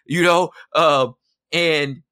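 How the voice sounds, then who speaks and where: Middle-aged male guest, slangy and animated, bright tense tone, close and dry. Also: on the high side, drawn-out words, no room sound. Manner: animated, slangy, acts out quotes. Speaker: podcast guest. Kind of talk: casual storytelling.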